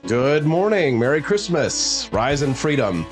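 A man's voice: mid-range voice, sing-song, a little slow, soft background music. A man hosting a morning talk show, chatting and joking with many fillers. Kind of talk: casual morning show banter.

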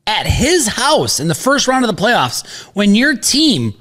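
High, animated man hosting a betting podcast. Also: measured pace. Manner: animated, hedging, laughs easily. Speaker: sports betting podcast host. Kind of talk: casual podcast banter.

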